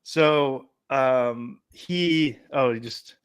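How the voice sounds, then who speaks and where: A man's voice: medium pitch, drawn-out words, clear, resonant tone, no room sound. A man hosting a casual podcast, telling a story with lots of laughter and acted-out quotes. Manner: animated storyteller, laughs often, acts out quotes. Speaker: podcast host. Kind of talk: casual chat.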